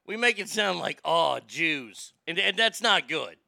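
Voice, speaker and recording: A man's voice: high-pitched, expressive, moderate pace, gravelly, bright, forceful tone, no echo, clean studio sound. A man hosting a podcast, reading out listener messages and telling a story in a loose, profane, laughing way. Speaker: podcast host. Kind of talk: casual storytelling chat.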